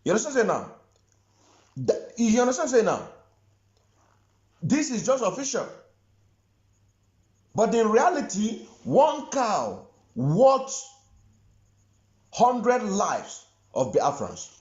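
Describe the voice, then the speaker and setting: Igbo-accented male commentator, high animated voice, repeats himself for emphasis, muffled echoey room. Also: takes it slowly, pauses often. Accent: Nigerian Igbo. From southeastern Nigeria. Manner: emphatic, repeats phrases for stress. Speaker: online commentator. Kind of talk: impassioned social media commentary.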